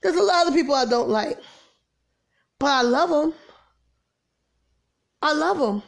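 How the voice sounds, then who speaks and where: Impassioned woman preaching, slightly high voice. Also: expressive, unhurried, gravelly. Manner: preachy, rising to exasperated emphasis, drops to soft near-whispers. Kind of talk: impassioned informal sermon.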